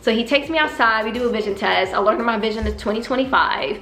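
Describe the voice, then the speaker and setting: A young woman with a slight Southern country accent tells a personal story in a vlog, acting out the people in it with lively put-on voices. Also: fairly high pitch, fast. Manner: animated, acts out dialogue with exaggerated voices. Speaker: vlogger. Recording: echoey room with faint music.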